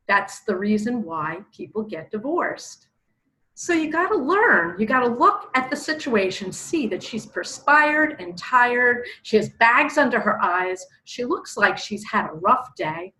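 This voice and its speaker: A woman, a spiritual teacher, giving a casual spiritual talk with animated, expressive storytelling. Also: on the high side, unhurried, poor audio.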